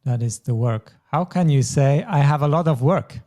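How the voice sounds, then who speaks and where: A man's voice: fairly high pitch, moderate pace, darkish tone. A man teaching a German lesson, explaining grammar patiently step by step. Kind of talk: language lesson.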